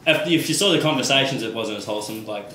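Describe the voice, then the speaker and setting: A man's voice: mid-range voice, expressive, fast, sharp tone. A young man co-hosting a podcast, laid-back and joking. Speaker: podcast co-host. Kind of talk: casual chat. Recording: echoey room, faint noise.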